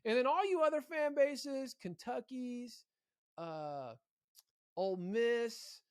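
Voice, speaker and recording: A man with a high voice co-hosts a casual college sports podcast. He talks in bursts, often repeating a word before he gets going. The sound is dry and close. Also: slow, clean tone, dry recording. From Arkansas. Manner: animated, repeats words when thinking. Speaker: podcast co-host.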